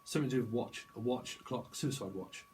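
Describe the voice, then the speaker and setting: A man's voice: mid-range voice, fast talker, a little mellow, a little hiss or hum, rough recording. A man giving a rambling psychic tarot reading, free-associating through wordplay and laughing at his own jokes. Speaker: tarot reader.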